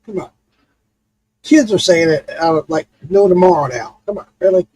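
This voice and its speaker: A man with a slightly high voice talks at normal speed over poor audio carrying a bit of hiss or hum. Hosting a livestream, he tells stories in a loose, casual chat, animated and swearing freely.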